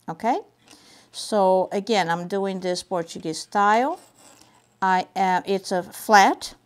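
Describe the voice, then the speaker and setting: Knitting instructor, woman, unhurried delivery, patient and repetitive, walking viewers through each step. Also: mid-range voice, darkish tone. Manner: patient, repeats steps slowly while demonstrating. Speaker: knitting teacher. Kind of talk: step-by-step craft tutorial.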